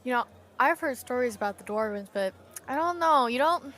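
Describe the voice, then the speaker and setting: A woman's voice: high-pitched, expressive, a little fast, a bit bright. A woman voicing a brash, cocky female half-orc barbarian who taunts dwarves. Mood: taunting. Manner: taunting, swaggering.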